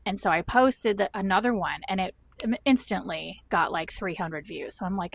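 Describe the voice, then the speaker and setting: A woman's voice: medium pitch, normal speed, vocal fry, slightly rough, no room sound. Chatty Southern-raised woman vlogging. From American South. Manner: rambling, self-deprecating, animated storytelling. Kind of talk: chatty talk-to-camera vlog. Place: at home.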